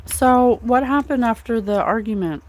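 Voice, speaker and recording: A woman's voice: fairly high pitch, moderate pace, darkish tone, a little hiss or hum. A woman giving a casual, rambling psychic tarot reading, full of fillers and asides. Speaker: psychic reader.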